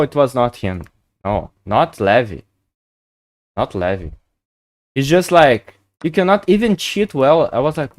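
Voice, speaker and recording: An excitable man talks through his chess stream, his pitch leaping up and down as he tells stories. He swears and laughs freely in loose, chatty English. The sound is close and dry, with almost no room around it. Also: unhurried, no echo. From Brazil. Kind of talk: casual live-stream chat.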